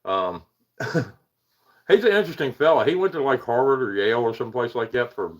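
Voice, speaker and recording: A man's voice: medium pitch, animated, a little fast, lo-fi sound. Rambling man chatting on a livestream. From Eastern United States. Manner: rambling, self-deprecating, chuckles often, greets chatters. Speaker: paranormal livestream host. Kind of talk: casual livestream chat.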